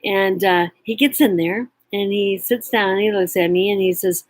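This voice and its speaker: A woman's voice: mid-range voice, steady tone, moderate pace, dry recording, rough recording. A middle-aged woman vlogger telling a personal story, earnest and emotional, sometimes dropping to near whispers.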